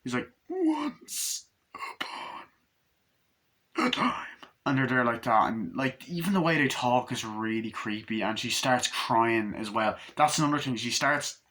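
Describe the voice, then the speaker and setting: A man giving a casual spoken movie review, rambling and excitable, swearing often as he recounts scenes. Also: mid-range voice, moderate pace, few pauses.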